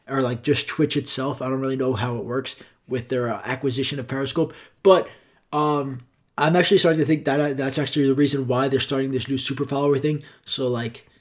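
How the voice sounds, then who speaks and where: A young man hosting his own podcast alone, rambling on in a profane, sarcastic way. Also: mid-range voice. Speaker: podcast host.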